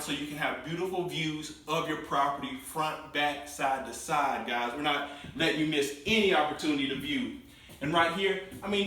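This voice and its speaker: A man hosting a walkthrough home tour, pitching each room to viewers with salesman enthusiasm. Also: pushed and bright, distant mic. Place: inside a show home, bare rooms. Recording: very echoey room, voice from off the mic.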